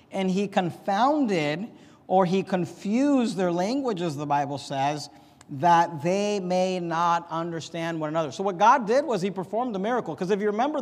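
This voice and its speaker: A man teaching a Bible story lesson, telling it lively and acting out voices, with frequent restarts. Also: sits high. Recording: echoey hall reverb.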